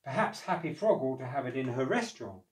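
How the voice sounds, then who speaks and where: A man voicing a gentle kindly thrush. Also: mid-range voice, expressive, roomy sound, far from the mic, close to an everyday voice, rough recording. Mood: soothing. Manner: soothing, unhurried. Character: kind, gentle male thrush bird.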